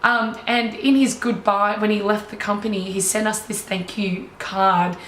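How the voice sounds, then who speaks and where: A young woman, a life coach, telling her own story in an animated, enthusiastic way. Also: medium pitch, a little slow, slight background noise. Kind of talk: personal storytelling. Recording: roomy echo, faint ambience.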